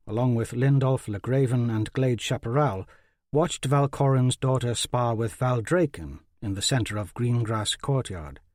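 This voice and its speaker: A man reading a dark fantasy audiobook in a measured, dramatic narration. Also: mid-range voice, no room sound, clean studio sound. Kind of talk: scripted narration.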